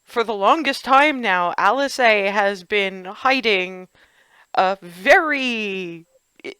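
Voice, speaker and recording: A woman game master narrating a tabletop session, her voice bright and crisp. She talks in an amused, halting way with frequent restarts, recorded close and dry. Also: medium pitch, dry recording.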